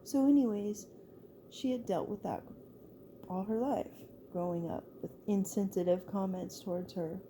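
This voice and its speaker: A woman talks through a story in a relaxed, conversational way, and her words spill out with fillers and false starts. Her voice is very dark and mellow and sits at an ordinary middle pitch. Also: normal speed, slight background noise. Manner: loose and chatty, full of "like" and restarts. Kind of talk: casual spoken storytelling.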